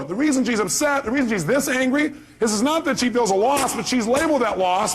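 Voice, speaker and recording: A man's voice: very high voice, very animated, quick pace, hardly any pauses, a little hiss or hum. A middle-aged man giving a motivational seminar talk, emphatic and quizzing the audience with questions. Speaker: motivational speaker.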